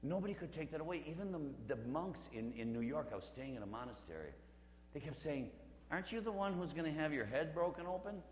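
A man's voice: a little high, sing-song, fast talker. A Catholic priest in his fifties preaches in a church with long, ringing reverb. He tells stories conversationally and with humor, sometimes dropping to a near-whisper for emphasis. A faint hum sits under his voice. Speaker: Catholic priest leading a parish mission. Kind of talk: storytelling sermon.

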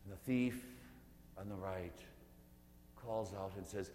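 A male preacher leading a guided meditation sermon, earnest and dropping to a hush at times. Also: on the low side, steady tone. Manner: earnest, slows down and drops to a hush. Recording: echoey hall with faint hum.

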